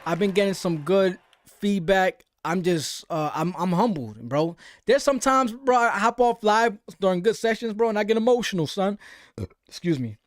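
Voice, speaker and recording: A man's voice: sits high, lively intonation, normal speed, dry recording, clean studio sound. A young American man hosting a live stream. He chats casually and loosely about boxing, full of slang and repeated fillers. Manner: loose, slangy, repeats "you know what I'm saying". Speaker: livestream host. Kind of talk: casual live chat reading viewer comments.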